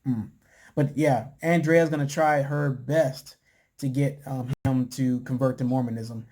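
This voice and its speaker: A man casually recapping a reality show, talking in a relaxed, chatty way with lots of fillers and putting on voices for quotes. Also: unhurried. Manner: laid-back, chatty, lots of "you know" and "man"; acts out quotes in a higher voice. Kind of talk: casual chat.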